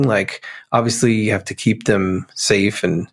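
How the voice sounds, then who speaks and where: Man, middle-aged, from Pennsylvania, gravelly fry in the voice, laid-back rambling talk, podcast guest. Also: on the low side, unhurried. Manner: relaxed, rambling, lots of "like" and "you know". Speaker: guest musician. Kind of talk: casual interview chat.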